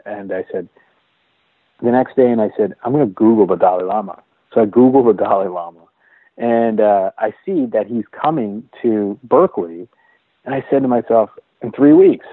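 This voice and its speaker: Lowish man, earnest, on a thin phone line. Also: no room sound. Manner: earnest, halting, with many restarts and repeated words. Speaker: interview guest. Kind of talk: personal storytelling in a conversation. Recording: dry, phone-like narrow sound.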